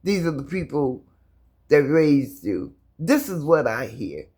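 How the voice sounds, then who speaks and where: A woman's voice: low-pitched, very animated, takes it slowly, mellow, slightly rough. A middle-aged American woman filming in her apartment, speaking passionately to her viewers while holding back tears and stuttering. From United States. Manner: impassioned, repetitive, addresses viewers directly. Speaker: vlogger. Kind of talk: emotional personal video.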